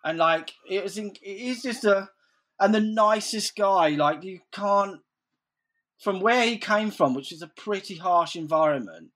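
A man's voice: sits high, measured pace, fairly bright tone. A man telling stories in casual chat, rambling, swearing freely and saying "like" constantly.

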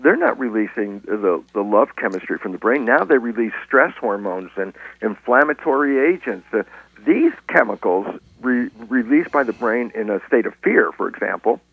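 A man speaking as a guest scientist in an interview, explaining in a lively lecturing way with stories and frequent restarts. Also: mid-range voice, normal speed, breathy edge. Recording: tinny phone-line sound.

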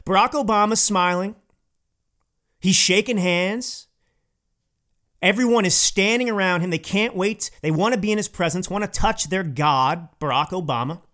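A man with a noticeably high voice hosts his own podcast. He delivers a political opinion monologue in an emphatic, indignant tone and repeats his points for stress. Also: normal speed, sharp tone. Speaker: podcast host.

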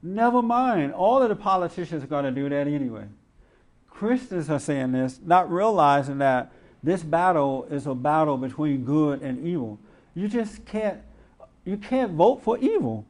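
Speaking at a moderate pace, this radio talk show host has a fairly high, animated voice with a darkish tone. He preaches to a live audience, firing off emphatic rhetorical questions and quoting others mockingly.

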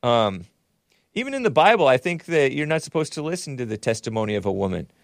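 A man hosting his own commentary show, swinging between loud mocking outbursts and low muttering asides. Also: big pitch swings, quick pace, vocal fry, no room sound, clean studio sound. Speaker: host.

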